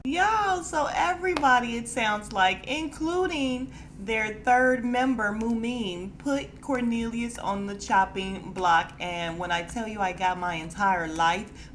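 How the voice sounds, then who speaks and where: A woman hosting a podcast, recapping a reality dating show in a sassy, animated way. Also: mid-range voice, measured pace, hardly any pauses, slight background noise. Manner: sassy, animated, quotes cast members with attitude. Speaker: podcast host.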